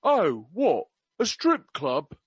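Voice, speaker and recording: A man putting on a blunt, tactless elderly gentleman with an attempted Cockney accent, his pitch pushed up for the quips. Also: huge pitch swings, slow pace, slightly rough, no room sound, muffled recording, heavily acted. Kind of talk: comic impression in a podcast reading.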